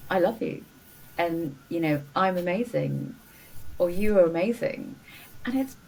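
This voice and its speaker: A woman's voice: on the low side, animated, a little slow, creaky, a little mellow, slightly rough, far from the mic, low-quality recording. A middle-aged woman, a doctor and coach, talking earnestly and encouragingly as a podcast guest, with many "you know" fillers. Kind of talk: warm interview conversation. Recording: faint noise, voice a bit off-mic.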